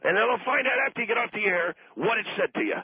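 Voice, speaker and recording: A man's voice: high-pitched, quick pace, breathy edge. A man playing an angry caller who rants and hurls insults in a comedy radio sketch. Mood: ranting. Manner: ranting, insulting. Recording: tinny phone line, dry.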